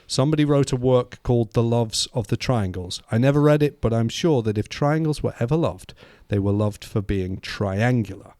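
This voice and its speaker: A man's voice: medium pitch, animated, normal speed, few pauses, warm tone, no room sound, studio quality. A man from the UK, a podcast co-host, talking through ideas in casual discussion and reading quotes aloud. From United Kingdom. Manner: thoughtful, reads quotes aloud, frequent restarts.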